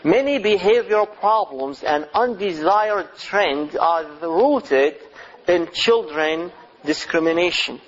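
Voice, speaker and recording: A middle-aged man giving a religious lecture on parenting, speaking deliberately and asking his listeners rhetorical questions. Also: high voice, animated. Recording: slightly dull lo-fi recording.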